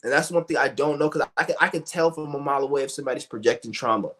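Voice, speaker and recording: A man's voice: mid-range voice, racing, fairly bright tone. A young man talking in a blunt, profane, rambling rant, full of restarts and fillers. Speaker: streamer. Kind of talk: ranting monologue.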